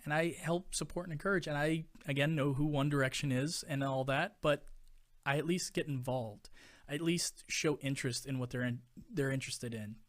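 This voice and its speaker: A man's voice: on the high side, normal speed. A man in his thirties, a podcast host, ranting casually in an emphatic, exasperated way, with many fillers. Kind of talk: casual opinion rant.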